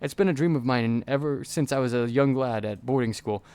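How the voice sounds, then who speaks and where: A man voicing a mournful upper-class English gentleman inventor in a game, with a genteel, fussy manner and an upper-class English accent. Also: mid-range voice, fairly quick, clean tone, close to an everyday voice.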